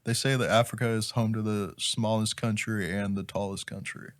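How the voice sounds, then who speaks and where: A man's voice: on the low side, steady tone, normal speed. A young man in loose, profane, laughing banter on a casual podcast. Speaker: podcast co-host.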